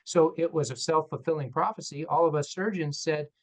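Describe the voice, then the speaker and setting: A man's voice: a little high, fairly quick, poor audio. Candid man telling a clinic story. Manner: animated, acts out dialogue in quotes; candid, self-deprecating. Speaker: orthopedic surgeon guest. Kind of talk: storytelling in a panel discussion.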